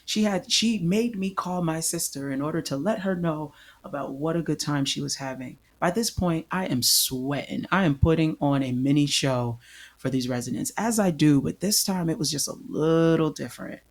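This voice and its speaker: A man's voice: a little high, moderate pace. A man hosting a solo podcast, telling a personal story in an earnest way and repeating phrases for emphasis. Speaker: podcast host.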